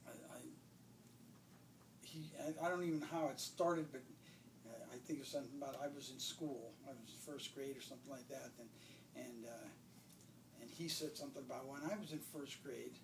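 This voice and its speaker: Speaking a little fast at a medium pitch, a man recalls an amusing childhood family tale in relaxed conversation, repeatedly breaking into laughter. The sound is reverberant, captured by a far-off mic with a bit of background noise.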